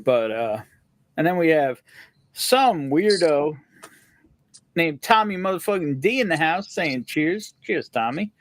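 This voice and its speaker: A playful male host chatting on a livestream, his voice sitting high and swooping all over the place as he jokes and greets viewers. The sound is close and dry, with no room around it. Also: expressive, unhurried, no echo. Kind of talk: casual livestream chat.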